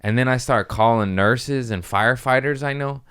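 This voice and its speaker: A man hosting a comedy podcast, telling a story casually, profane and animated, acting out the people he quotes. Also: mid-range voice, moderate pace, clear, resonant tone.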